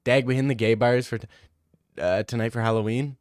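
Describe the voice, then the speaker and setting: A man's voice: medium pitch, steady tone, a little fast, a little mellow, no echo, studio quality. A young man hosting a casual livestream Q&A, joking crudely and rambling in slang. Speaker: streamer answering chat questions.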